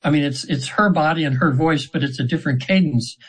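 A man in his seventies, a hypnotherapy practitioner appearing as an interview guest, tells stories from his sessions earnestly and meanderingly, restarting often. His voice is a little high, brisk and slightly bright with a breathy edge. The recording quality is low.

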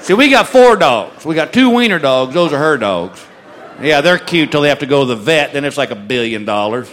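Dry, deadpan stand-up man. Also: a little high, a little fast. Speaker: stand-up comedian. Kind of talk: stand-up comedy routine. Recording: live club audience noise. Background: audience laughter.

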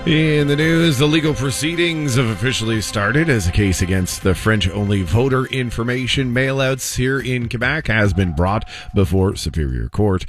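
A man reading a radio news update in a steady, measured way. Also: fairly low pitch. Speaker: newsreader. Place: radio studio.

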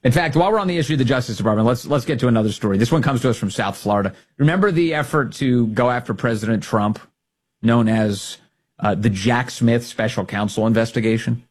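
Husky guy hosting a talk show, sarcastic, insulting, fired up. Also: medium pitch, fast. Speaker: radio talk show host. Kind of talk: opinionated political talk radio.

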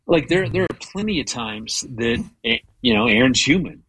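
A man's voice: medium pitch, lively intonation, moderate pace, fairly bright tone, husky, dry recording, poor audio. A man in his fifties, a guest talking earnestly about marriage, restarting often as he tells a story. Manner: earnest, frequent stammered restarts. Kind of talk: conversational storytelling.

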